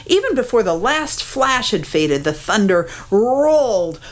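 A woman reading a children's story aloud, expressive, counting aloud and acting out the sound effects. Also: mid-range voice, measured pace.

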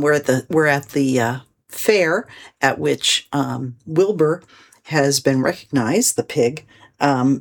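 A woman host with a low voice introduces the next piece slowly. She hesitates often, with fillers and restarts. The delivery is casual and unpolished. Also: a little mellow, breathy edge. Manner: halting, many fillers and restarts.

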